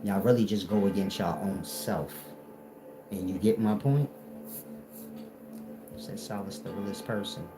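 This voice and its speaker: A spiritual teacher lectures confrontationally in a preaching monologue, repeating rhetorical questions while music plays behind him. His voice is low-pitched and unhurried, with frequent pauses. The audio quality is poor.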